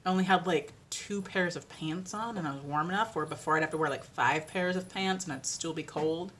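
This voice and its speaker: A woman's voice: deep voice, fairly quick, fairly bright tone, slight background noise. A woman vlogging from home in a casual, rambling chat, with lots of "like" and laughter. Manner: chatty and rambling, with many fillers and laughs. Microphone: ring-lit camera.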